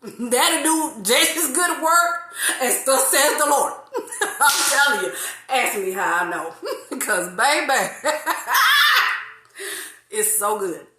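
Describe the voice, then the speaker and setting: A woman in her forties hosting a casual faith talk, lively, laughing often and drawing out some phrases. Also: on the high side, slow, reverberant. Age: 40s. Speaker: host of an online faith talk.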